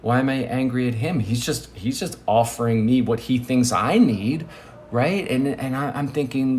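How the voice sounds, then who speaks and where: Guy rambling thru his morning thoughts, lots of likes and ums, goes quiet and whispery, bit of faint hum behind. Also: medium pitch, moderate pace. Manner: hesitant, many fillers, drops to near-whispers. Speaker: vlogger. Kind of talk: rambling casual monologue.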